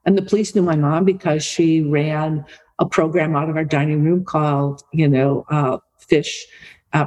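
A middle-aged woman, an author and podcast guest, telling a family story in a lively conversational way. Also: sits low, low-quality recording. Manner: lively anecdotal storytelling, repeats for emphasis.

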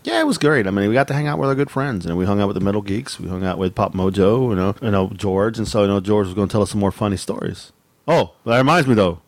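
A man's voice: on the low side, no echo. A man co-hosting a podcast, chatting casually and reacting with lots of laughter. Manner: animated, laughs a lot, quick reactions. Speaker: podcast co-host. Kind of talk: casual chat.

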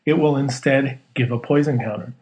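A man's voice: mid-range voice, normal speed, darkish tone, poor audio. A man co-hosting a casual podcast, laid-back and jokey, explaining rules at length. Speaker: podcast co-host.

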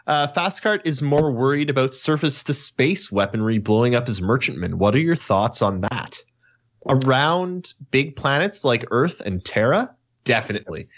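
A man's voice: mid-range voice, expressive, moderate pace. Man, podcast co-host, casual chat, rambling, reads listener questions.

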